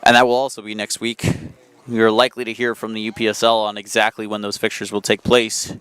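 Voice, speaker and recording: A man giving live soccer play-by-play commentary from an outdoor field, chatty and quick to correct himself. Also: lowish voice, completely flat delivery, a bit bright. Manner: chatty, self-correcting, apologetic asides.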